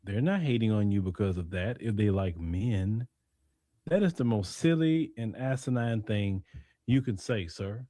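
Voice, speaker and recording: A man from Haiti in a played clip, calmly rebutting a claim point by point. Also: lowish voice, no room sound. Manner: measured, explains point by point. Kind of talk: direct rebuttal.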